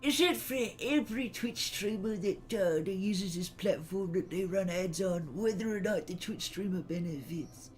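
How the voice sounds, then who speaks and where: A man's voice: high voice, moderate pace, few pauses, soft background music, pitched above the performer's own voice, natural voice. A man voicing a confused old man who asks hesitant, puzzled questions.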